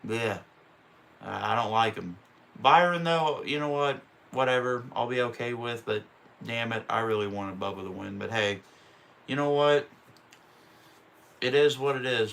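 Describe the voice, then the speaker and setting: Male streamer, mid-range voice with a sharp edge, calls laps casually and curses through his frustration. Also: medium pitch, creaky. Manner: profane, openly frustrated ranting. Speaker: streamer calling a race. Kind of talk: casual live-stream play-by-play.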